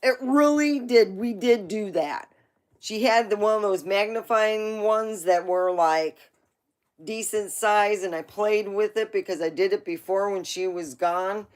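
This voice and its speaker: A woman's voice: mid-range voice, measured pace, a little mellow. A woman hosting a livestream, telling rambling family stories in a casual way, laughing often and swearing now and then. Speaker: livestream host. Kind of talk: casual storytelling.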